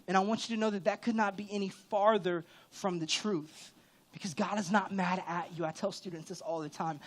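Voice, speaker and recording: Candid, fairly high-voiced male preacher. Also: steady tone, fairly quick. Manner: conversational and candid, with sudden emphatic rises. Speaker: pastor. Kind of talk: church sermon.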